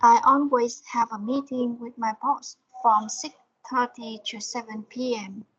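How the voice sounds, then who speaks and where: A woman's voice: on the high side, steady tone, unhurried, fairly bright tone, breathy edge, muffled recording. A woman with a Vietnamese accent, a student in an English lesson, reading her answers aloud hesitantly and carefully repeating words after her teacher.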